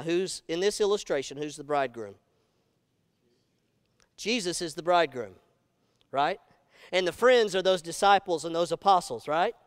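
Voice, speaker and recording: A pastor preaching in a high, smooth, resonant voice. He is animated and emphatic and keeps asking his congregation questions. The sound is dry and close. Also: no room sound. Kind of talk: sermon. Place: church sanctuary.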